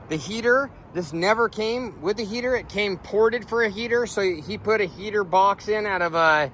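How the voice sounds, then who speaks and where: A man's voice: a little high, bright, forceful tone, a little hiss or hum. A man walking around a truck he is selling, talking casually and rambling with many fillers. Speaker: vehicle seller. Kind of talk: casual walkaround sales video.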